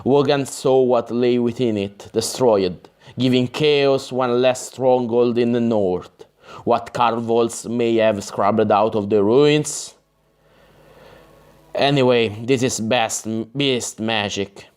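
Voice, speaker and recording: A man reading an audiobook, voicing a gruff, bitter male berserker warrior with a low, growling delivery. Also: steady tone, slow pace, darkish tone, natural voice. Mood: grim, growling.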